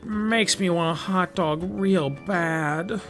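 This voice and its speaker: A man doing a breathy, drawling older woman. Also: high voice, soft background music, pitched above the performer's own voice, heavily acted. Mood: dreamy. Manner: slow, soft, dreamy drawl.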